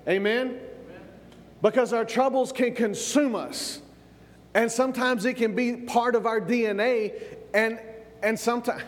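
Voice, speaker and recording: In a church with a long reverb tail, a Southern American pastor preaches with an extremely high, steady voice, unhurried and pausing often. As he builds up, he stumbles over repeated words and calls for amens.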